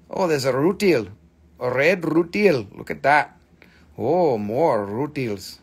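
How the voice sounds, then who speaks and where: A man's voice: medium pitch, animated, takes it slowly, husky. A man in his forties from America, hosting a live crystal sale with playful, rambling banter. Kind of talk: joking live-stream sales chat.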